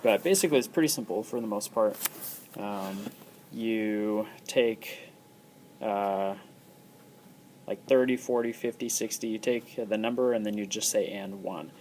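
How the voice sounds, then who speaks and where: Low-voiced guy teaching, laid back, lots of ums, faint hiss behind. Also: unhurried, low-quality recording. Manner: relaxed, many ums and uhs. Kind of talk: casual recorded lesson.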